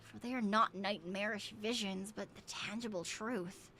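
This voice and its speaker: A shaken island doctor confides in a diary in a quiet, half-whispered voice, low and steady, with a faint hiss in the background. A woman reads the entries aloud. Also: a little slow. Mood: uneasy. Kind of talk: reading game text aloud.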